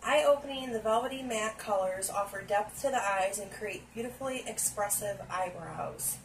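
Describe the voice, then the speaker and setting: A woman's voice: medium pitch, moderate pace, a little hiss or hum, low-quality recording. A woman vlogger unboxing makeup on camera at home, gushing and exclaiming to her viewers. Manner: gushing, exclaims often, talks to viewers directly. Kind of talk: casual unboxing chat to camera. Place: indoors at home, seated on a stool.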